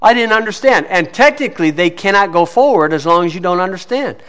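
A man giving a folksy teaching sermon who tells stories, keeps saying "you see" and drops to a low mutter during anecdotes. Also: animated, fairly quick, fairly bright tone. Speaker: preacher teaching on scripture and law. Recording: hall with long reverb.

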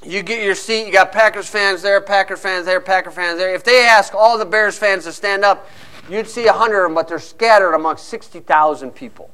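Man preaching, high bright voice, animated storytelling with acted-out asides. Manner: animated storytelling, acting out fans in quick asides. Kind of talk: sermon with a sports illustration.

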